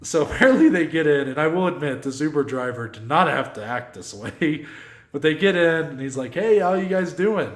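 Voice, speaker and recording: A man co-hosting a podcast, telling a long story in a casual, animated way, swearing freely and acting out what people said. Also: on the high side, brisk, roomy sound. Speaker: podcast co-host.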